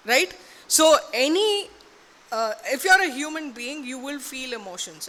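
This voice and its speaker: A woman's voice: sits high, sharp tone. A woman preaching a sermon in a conversational way, often checking in with "okay?" and "right?". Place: church. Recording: reverberant church hall.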